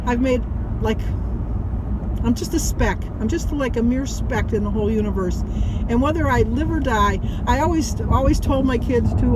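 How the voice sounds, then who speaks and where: Heartfelt older woman vlogging from a car. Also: a little high. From United States. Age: 60s. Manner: rambling, heartfelt, tearful at times. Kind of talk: emotional casual vlog. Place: in a car stopped in traffic. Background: traffic and outdoor noise.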